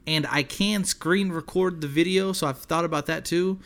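A young man co-hosting a podcast, telling a story in a loose, profane, animated way and acting out the people in it. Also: a little high, moderate pace. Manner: profane, animated storyteller who acts out quotes. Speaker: podcast co-host. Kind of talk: casual storytelling chat.

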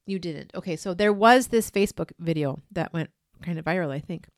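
A woman's voice: fairly low pitch, a little fast. Chatty, enthusiastic woman podcast co-host. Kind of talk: casual chat.

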